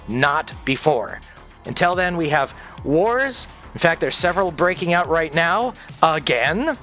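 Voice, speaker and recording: A middle-aged man talks over his game in a sardonic, profane rant. His voice sits somewhat high, and faint music plays behind him. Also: a bit bright. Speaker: streamer. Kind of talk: casual chat while gaming.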